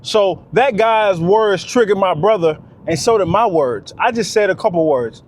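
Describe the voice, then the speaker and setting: A man's voice: high-pitched, lively intonation, moderate pace. A man giving a casual, preachy monologue, repeating his points with emphasis. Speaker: vlogger.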